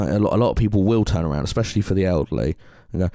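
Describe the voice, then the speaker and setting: A man's voice: deep voice, very fast, dark tone, no room sound, studio quality. A man with an English accent co-hosting a podcast, talking earnestly in a rambling way with many restarts. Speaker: podcast co-host. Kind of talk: casual podcast chat.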